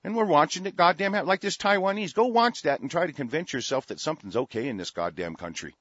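A man hosting a talk radio show, ranting angrily and profanely, swinging from shouting to muttering. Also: a little high, animated, fast talker, husky. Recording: dull, dry lo-fi radio audio.

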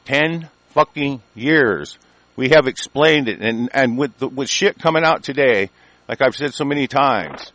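A man's voice: a little high, a bit bright, no room sound. Profane, furious male talk radio host. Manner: angry, profane, stammering restarts. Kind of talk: ranting talk radio monologue.

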